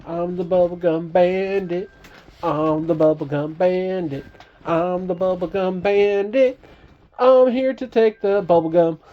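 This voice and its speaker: A man's voice: fairly high pitch, level tone, normal speed, few pauses, highs cut off, natural voice. A woman voicing a brash, boastful cowboy thief who steals bubblegum, in a bedtime story. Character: bold greedy cowboy bubblegum thief, grown man.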